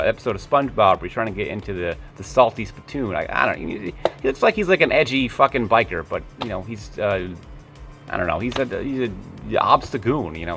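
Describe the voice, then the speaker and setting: A man's voice: on the low side, fairly bright tone. A man giving casual, rambling commentary to camera. He drifts into tangents, corrects himself often and swears offhandedly. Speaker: video creator.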